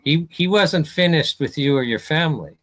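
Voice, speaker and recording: A man interviewing a guest, gently prompting with questions. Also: fairly high pitch, lively intonation, moderate pace, no room sound.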